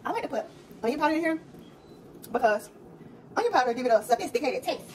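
A woman with a high voice talks fast while hosting a casual cooking vlog in her home kitchen. She's chatty and jokey, laughing at her own jokes, and the distant mic picks up steady background noise.

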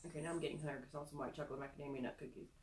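A woman's voice: sits low, fairly even intonation, rapid-fire, a little mellow, echoey room, slight background noise. A young woman chatting casually through a product review, self-deprecating with giggly asides. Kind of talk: casual screen-recorded review.

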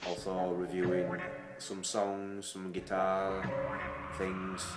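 A man's voice: sits low, monotone, slow pace, roomy sound, over loud music, poor audio. A man with a Yorkshire accent chatting in a rambling, self-deprecating way as a vlogger. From Yorkshire, England. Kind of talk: casual chat.

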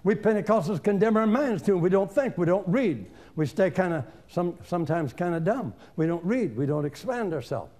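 An older male evangelist preaches in a folksy, conversational way, driving each point home with emphasis. His voice sits high for a man and leaps up and down all the time, and he keeps addressing the room directly. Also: animated, fairly quick, hardly any pauses, warm tone. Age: 70s. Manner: folksy, emphatic, conversational, talking straight to the audience. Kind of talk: informal seminar sermon.

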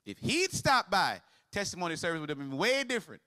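A man's voice: sits high, very animated, fairly quick, pushed and bright, smooth. A man preaching a sermon as pastor, mixing humor with call-and-response to the congregation.

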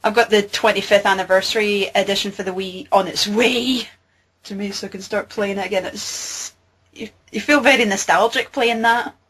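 A woman co-hosting an interview over a video call, enthusiastic and quick to laugh. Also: medium pitch, fairly even intonation, fairly bright tone, breathy edge. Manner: enthusiastic, giggly. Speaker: co-host. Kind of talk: casual interview chat.

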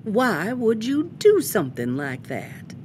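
A woman voicing a stern mother bunny who speaks slowly and firmly. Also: medium pitch, huge pitch swings, a little mellow, a little hiss or hum. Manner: slow, measured, firm.

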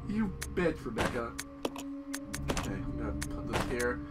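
A man commenting on a video game as he plays, excitable and cursing, yelling at his partner in the game and talking himself through each step. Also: mid-range voice, measured pace, far from the mic. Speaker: gameplay commentator. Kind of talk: let's play commentary. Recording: voice a bit off-mic, loud game music behind. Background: video game music.

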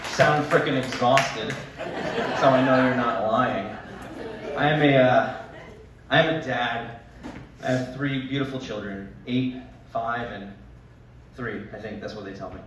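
A man in his thirties doing a stand-up comedy set on a talent show stage, telling exaggerated stories with deadpan asides. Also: medium pitch. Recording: echoey hall, mic from a distance.

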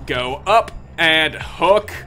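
A man doing angry gameplay commentary, ranting, yelling and cursing at the game, then muttering low under his breath between outbursts. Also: animated, drawn-out words. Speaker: gaming video creator.

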